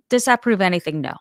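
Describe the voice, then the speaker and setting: A woman's voice: mid-range voice, creaky, dry recording, clean studio sound. A woman hosting a crime show, giving casual, candid opinions and thinking aloud as she talks.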